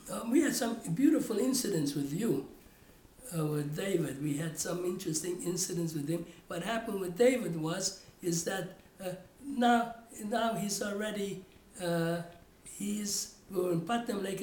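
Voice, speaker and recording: A man's voice: high voice, a little mellow. An older man tells family stories in an oral history interview. He rambles and restarts his sentences often. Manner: rambling storytelling with many restarts. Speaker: father telling family stories. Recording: roomy echo.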